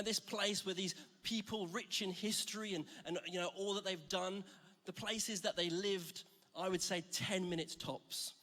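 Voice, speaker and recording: A Scottish man with a high-sitting, sharp voice gives a chatty, joking sermon to a church congregation. He tells stories with self-deprecating humour, and the recording carries the echo of a reverberant hall.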